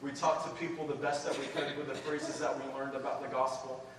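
A man preaching a sermon and telling a mission story, speaking earnestly and building to excited emphasis as he addresses the church. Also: mid-range voice, fairly quick, slight background noise. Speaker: preacher sharing a mission report. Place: church sanctuary. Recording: echoey hall, distant mic.

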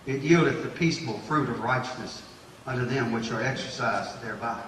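Preacher in an echoey church. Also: male voice, medium pitch, fairly even intonation, fairly bright tone, a little hiss or hum. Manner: preaching, rising to emphatic bursts and slowing to draw out verses. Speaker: pastor. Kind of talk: sermon. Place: church sanctuary. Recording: echoey church hall, distant mic.

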